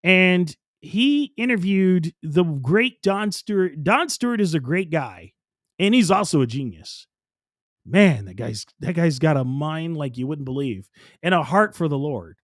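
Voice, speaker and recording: A man's voice: a little high, animated, unhurried, no echo, clean studio sound. A man hosting a live radio show, talking in a loose, offhand, repetitive way. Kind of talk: casual live radio talk.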